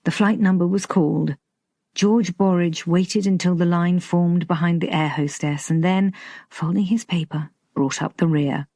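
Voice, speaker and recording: A woman narrating an audiobook in a measured, lightly expressive style. Her voice is low and a little husky, and she reads slowly. The recording is close and dry. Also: no echo. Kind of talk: scripted narration.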